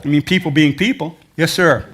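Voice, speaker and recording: With a slightly high, somewhat bright voice, an older man talks fairly quickly and in a steady tone. He's an adventure travel speaker giving a lecture-hall presentation full of rambling, folksy travel stories.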